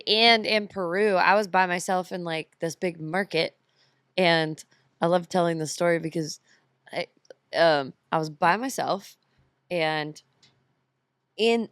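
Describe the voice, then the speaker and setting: Lively American woman telling travel stories. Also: fairly low pitch, clear, resonant tone, dry recording, studio quality. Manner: lively storyteller, laughs often. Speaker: podcast guest. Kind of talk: casual chat.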